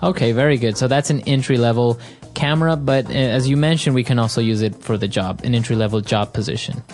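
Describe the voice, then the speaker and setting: Podcast co-host, affirming guide, mid pitch, soft music bed. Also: fast talker. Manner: guides the talk, laughs often, affirming. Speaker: co-host, English teacher. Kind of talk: explaining vocabulary.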